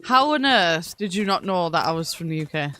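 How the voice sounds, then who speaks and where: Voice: medium pitch, lively intonation, a little fast, sharp tone. A gaming streamer from northeast England with a northeast English accent, chatting casually and playfully with viewers and swearing now and then.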